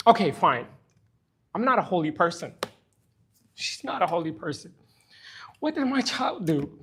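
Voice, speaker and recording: A man's voice: sits high, sing-song, a little slow, a bit bright, slightly rough. A middle-aged man teaching a church Bible study, speaking earnestly and emotionally about personal pain. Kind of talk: impassioned church lesson.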